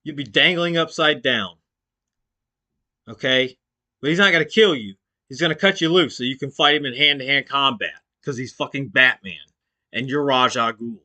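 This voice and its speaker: A man hosting a stream, giving loud, mocking reaction commentary full of swearing. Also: mid-range voice, moderate pace. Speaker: stream host.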